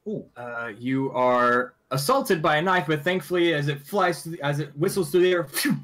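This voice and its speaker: A man runs a tabletop game as game master and narrates the scene. His voice sits a bit high for a man. He stops and restarts often, filling the gaps with fillers. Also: a bit bright. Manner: halting, many fillers and restarts while recapping.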